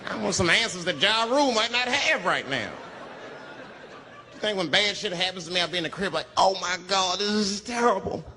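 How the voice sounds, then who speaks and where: A man telling a profane, animated stand-up story and acting out the people in it. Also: sits high, a little fast, in a large hall, some chatter behind. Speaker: stand-up comedian.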